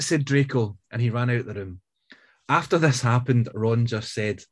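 A man co-hosting a podcast, reading crude fan fiction aloud in a deadpan way. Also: mid-range voice, normal speed, husky. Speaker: podcast co-host.

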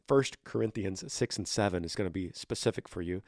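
A man's voice: low voice, brisk, a little mellow, no echo, clean studio sound. A man hosting a podcast, giving earnest faith-based advice in a casual way, often repeating and restarting phrases. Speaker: podcast host.

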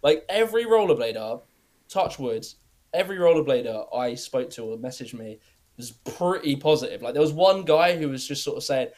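A young British man chatting casually as a podcast guest, rambling, filling every pause with "like" and swearing easily. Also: mid-range voice, animated, darkish tone. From Britain. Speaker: guest YouTuber.

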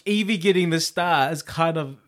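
A man co-hosting a casual podcast chat, animated and laughing often. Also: a little high, normal speed. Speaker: podcast co-host.

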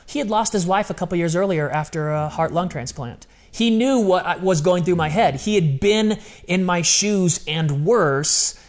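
A man's voice: sits high, moderate pace, few pauses. A man talking as an interview guest, telling personal stories in an emphatic, casual, slang-heavy way. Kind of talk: candid personal storytelling.

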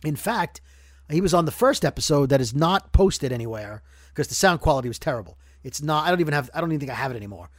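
A man's voice: a little high, animated, fast talker, dry recording, clean studio sound. A man from Brooklyn hosting a podcast in casual chat, rambling and joking as he corrects himself. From Brooklyn, New York. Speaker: podcast host.

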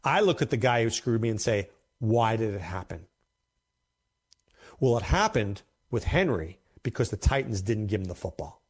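Animated man talking fantasy football. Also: mid-range voice, fairly quick, husky. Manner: animated, emphatic, repeats himself. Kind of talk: casual commentary to camera.

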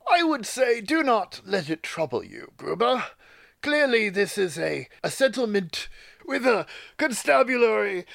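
A man's voice: high-pitched, gravelly, fairly bright tone, no echo, studio quality, exaggerated voice. A man voicing a pompous, self-assured male adventurer with a grandiose, florid way of talking.

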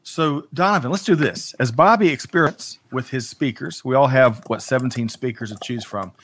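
A man's voice: medium pitch, normal speed, fairly bright tone. A man hosting a live talk show, greeting viewers by name in an upbeat way with a few stumbles. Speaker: host.

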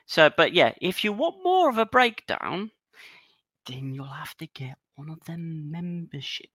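A man co-hosting a football chat show, his voice higher than most and swinging widely in pitch. He sounds bright and a little tense, and the recording is close and dry. He jokes and puns his way through the news. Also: very animated, a little slow, dry recording. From Cyprus. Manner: jokey, laughs often, punning. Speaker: podcast co-host.

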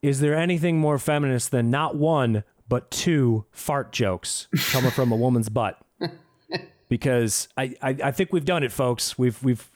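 A man hosting a casual podcast, giving a sarcastic, profane and animated movie review. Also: medium pitch, measured pace.

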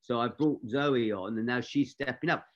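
A man's voice: medium pitch, moderate pace. An older man from England recalls his years on film sets, wandering through stories and doubling back on his own words. His voice sits mid-range for a man. The recording is dull and lo-fi. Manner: rambling anecdotal, frequent restarts. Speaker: film assistant director. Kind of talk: career interview storytelling.

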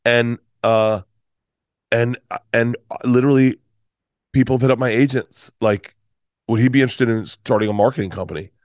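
A middle-aged comedian telling a rambling, emotional story in casual talk, swearing and restarting often. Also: male voice, mid-range voice, fairly even intonation, normal speed, long pauses, a little mellow, no room sound, studio quality. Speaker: comedian guest.

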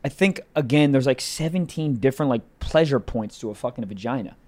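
Young dude cohosting a raunchy podcast, big swings in his voice, loud then drawly. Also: brisk. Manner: animated, swings between loud bursts and low drawls. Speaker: podcast co-host. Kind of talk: crude comedic podcast banter.

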